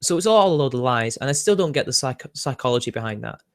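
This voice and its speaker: Young British male streamer, casual, sardonic, laughs a lot, mid-pitched everyday voice. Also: lively intonation, fast talker. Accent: British English. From Britain. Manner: chatty, sardonic, laughs often, answers viewer questions. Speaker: livestream host reading chat. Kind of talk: casual livestream chat.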